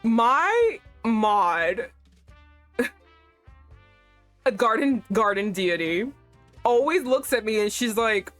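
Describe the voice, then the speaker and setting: A young adult woman streaming a game, chatting casually in a playful, animated way and laughing often. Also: fairly high pitch, takes it slowly, pauses often, faint music behind. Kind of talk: casual gameplay commentary.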